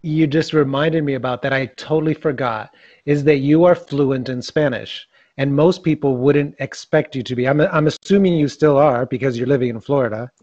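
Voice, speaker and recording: A man's voice: mid-range voice, moderate pace, a little mellow, no room sound, highs cut off. A man hosting a podcast interview, friendly and laughing along with his guest. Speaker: podcast host. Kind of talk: casual interview.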